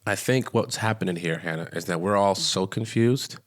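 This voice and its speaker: A man's voice: sits low, moderate pace. A man co-hosting a podcast in casual chat, teasing and playful, laughing often. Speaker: podcast co-host.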